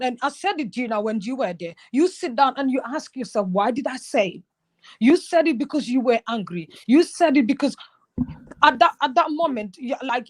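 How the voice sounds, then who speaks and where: A woman from Gambia with a Gambian accent, talking earnestly and emotionally in conversation, often stammering and restarting her words. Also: on the high side. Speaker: YouTuber guest. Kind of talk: impassioned conversation.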